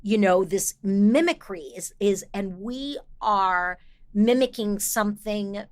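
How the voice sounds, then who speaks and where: A woman voice actor talking as a podcast guest, enthusiastic and quick with asides, often restarting her thoughts. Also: medium pitch. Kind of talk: casual interview chat.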